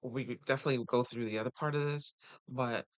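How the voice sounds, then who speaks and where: A man's voice: steady tone, fast talker, dry recording. A man talking casually to viewers as a relationship coach, chatty and full of rhetorical questions. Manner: chatty, rhetorical questions, sudden pitch jumps.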